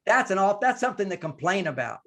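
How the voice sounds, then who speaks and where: Older male relationship expert, gravelly voice, slightly high-pitched, emphatic lecturing guest. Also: very animated, fast, fairly bright tone. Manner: emphatic, lecturing, acts out quoted partners. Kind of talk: podcast conversation, advice.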